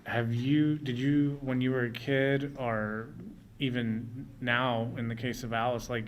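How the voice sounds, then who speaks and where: A man's voice: mid-range voice, little pitch movement, a little slow, lo-fi sound, slight background noise. A man hosting a convention panel, asking enthusiastic, rambling questions. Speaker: panel host.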